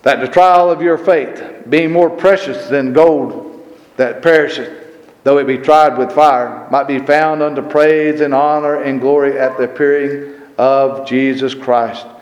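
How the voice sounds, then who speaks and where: A man preaching a sermon. He rises and gets louder on scripture and repeats verse references as he goes. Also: mid-range voice, fairly even intonation, unhurried. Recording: roomy hall echo.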